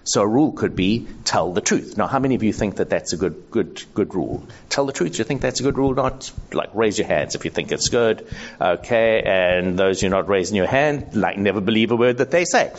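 A man gives a live ethics lesson to a room full of people. His voice sits low, and the recording is dull and lo-fi. He talks conversationally, asks for a show of hands and acts out the voices he quotes. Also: expressive, a little fast, slight background noise. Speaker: speaker teaching ethics to an audience. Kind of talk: live talk with audience. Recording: dull lo-fi sound.

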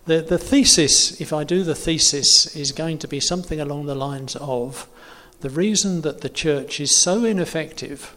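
A preacher gives an informal teaching talk on faith in an echoey hall with long reverb. His medium-pitched voice has a fairly bright tone, and he is chatty, self-correcting and full of fillers.

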